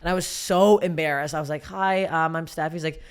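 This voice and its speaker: A woman with an unusually deep voice, a guest comedian telling profane, animated stories in a casual podcast chat. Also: brisk, clean tone.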